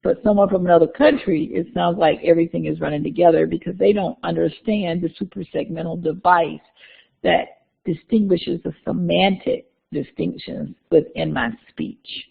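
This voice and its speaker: A woman's voice: lowish voice, fairly even intonation, moderate pace, vocal fry, husky. A woman lecturer explaining course material to her class in a classroom, with frequent "uh" fillers and small restarts. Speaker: university lecturer. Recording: phone-like lecture recording.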